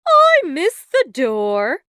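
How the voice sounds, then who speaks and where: A woman voicing a cheerful, scatterbrained fairy godmother with an airy, unhurried manner. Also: sits high, sing-song, a bit bright, no echo, studio quality, pitched above the performer's own voice, full character voice. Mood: breezy. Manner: airy, breezy, slightly slower.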